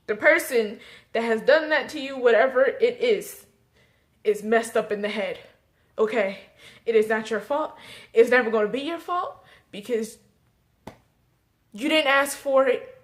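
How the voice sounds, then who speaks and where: A young woman vlogging a personal story, emotional and halting, tearful and repeating herself. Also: a little high. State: tearful, crying at times.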